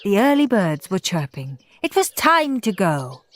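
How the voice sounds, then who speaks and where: A woman narrating a children's audiobook in an expressive, playful way. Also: mid-range voice, a little slow. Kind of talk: storybook narration.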